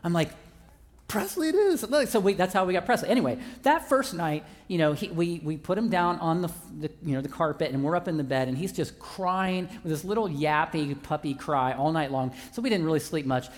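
A man preaching a sermon who tells humorous personal stories in an animated way, heard with long reverb in a large hall. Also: on the high side, fairly quick, few pauses. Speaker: pastor.

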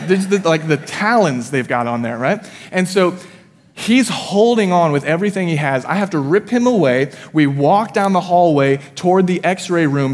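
A man in his thirties, a pastor preaching a sermon in a church, telling a personal story in a conversational way with self-deprecating asides. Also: on the high side. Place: church sanctuary. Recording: long hall reverb.

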